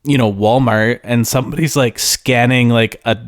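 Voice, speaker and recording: A podcast co-host chatting casually, blunt and profane in an offhand way. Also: male voice, mid-range voice, fairly even intonation, normal speed, no echo, clean studio sound. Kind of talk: casual chat.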